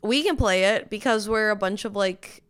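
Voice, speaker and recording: A woman with a bright, crisp voice talks through her DJ sets on a podcast. She chats easily and keeps dropping "like" as she explains. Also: medium pitch. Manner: chatty, quick explanations with many "like"s. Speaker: podcast guest, DJ. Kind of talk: casual podcast chat.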